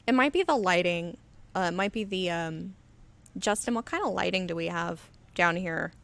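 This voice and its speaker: Her voice sits on the low side, creaky and a bit bright, at normal speed, with no room sound. She's a woman live-streaming miniature painting from a flood-lit indoor studio via a webcam on auto, chatting in a rambling way and reading viewer comments aloud as she demonstrates.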